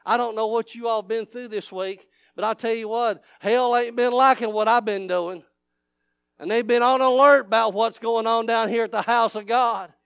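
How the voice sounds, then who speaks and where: Preacher, male, high voice, dry close sound; fervent, repetitive, shifts from shouting to hushed. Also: steady tone, moderate pace, vocal fry, smooth, dry recording. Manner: swings from loud shouting to hushed, low intimate talk. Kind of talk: revival sermon.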